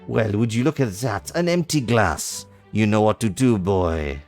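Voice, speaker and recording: A pompous, old-fashioned gentleman gambler speaks in a low, mannered voice, as a man acts him out. His delivery rises and falls a lot, over faint music. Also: lively intonation, a little slow.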